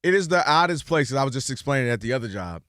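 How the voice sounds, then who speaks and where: A man co-hosting a sports talk show, chatting casually and expressively and quick to laugh along. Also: medium pitch, lively intonation, a bit bright, no echo, clean studio sound. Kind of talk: casual sports radio chat.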